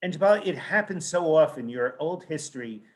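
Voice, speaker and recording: Expressive man telling stories in an interview. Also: on the high side, normal speed. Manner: animated storyteller acting out quoted dialogue, frequent restarts. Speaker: child psychiatrist and author. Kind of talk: conversational interview, anecdotal storytelling.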